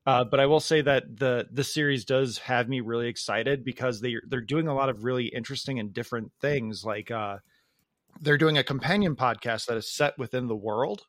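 A man co-hosting a podcast in casual chat, enthusiastic with many halting restarts. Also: medium pitch, fairly bright tone, no echo, clean studio sound. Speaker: podcast co-host.

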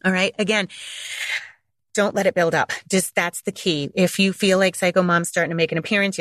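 A woman's voice: on the low side, fairly even intonation, fairly quick, fairly bright tone, no room sound. A middle-aged woman hosting a parenting podcast, giving blunt, emphatic advice in a casual monologue. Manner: direct, blunt, emphatic with repetition.

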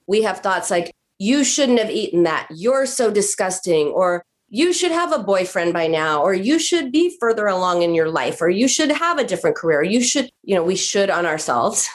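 A woman therapist on a podcast, explaining calmly and acting out what patients say to themselves. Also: medium pitch, normal speed, hardly any pauses. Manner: explanatory, acts out patients' self-talk. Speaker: therapist guest. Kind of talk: podcast conversation.

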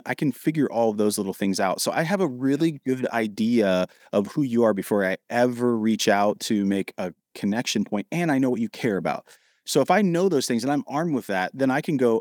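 A man from Ohio, a podcast guest, telling lively stories and acting out the dialogue. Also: medium pitch, fairly quick, no room sound, studio quality. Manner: animated, acts out quoted dialogue. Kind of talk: storytelling in a podcast interview.

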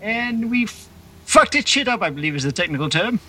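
A man recapping a tabletop game in casual, profane, animated storytelling. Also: high voice, a little fast, a little hiss or hum. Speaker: player.

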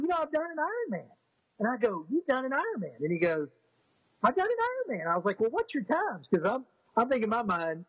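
Husky man telling a rambling story. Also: high voice, dry recording, dull audio. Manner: rambling, with frequent restarts and fillers; animated when quoting others. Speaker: interview guest. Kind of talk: casual storytelling.

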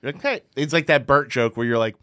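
A man's voice: medium pitch, quick pace, clean tone, dry recording, studio quality. A man co-hosting a comedy podcast, telling stories in casual chat and acting out what people said. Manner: animated storyteller, acts out quotes. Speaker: podcast co-host.

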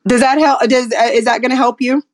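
A woman's voice: high-pitched, steady tone, fairly quick. Outspoken woman in her forties. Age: 40s. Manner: outspoken, acts out her client calls. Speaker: photographer and guest. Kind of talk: casual chat on a live audio room.

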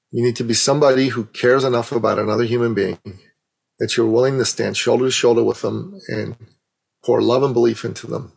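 A middle-aged man, a guest on an interview, telling a personal story with animated, emotional delivery and acting out the dialogue. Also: mid-range voice, vocal fry, husky, poor audio. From Iran.

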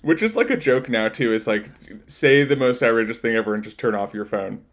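A man on a casual comedy podcast, laid-back, trailing into quiet laughs. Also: medium pitch, a little fast.

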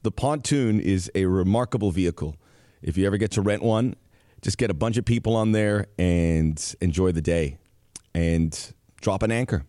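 Lower-voiced male podcast co-host, playful and animated, in a dry, close-miked room. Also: dry recording. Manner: jokey, animated, quick asides. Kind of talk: casual sports podcast chat.

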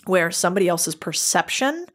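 A woman's voice: lowish voice, big pitch swings, normal speed. A woman who is a guest on a podcast, telling stories from her career in a candid, chatty way and acting out bits of dialogue. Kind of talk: casual interview storytelling.

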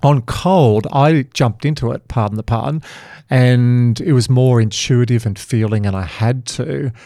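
A man hosting a podcast, telling his stories in an animated, vivid way. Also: mid-range voice, unhurried, vocal fry, dry recording, clean studio sound. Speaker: podcast host. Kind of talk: conversational podcast storytelling.

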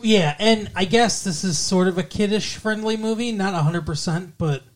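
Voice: mid-range voice, normal speed. A podcast co-host talking through a movie in loose, rambling fashion. They swear freely, drift between thoughts and keep slipping into the characters' lines as they retell scenes. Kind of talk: casual movie discussion.

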